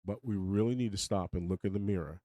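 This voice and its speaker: A man's voice: low voice, quick pace, dark tone, no echo. An older man hosting his own live stream, rambling and opinionated, chuckling as he talks to his chat. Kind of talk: casual live-stream monologue.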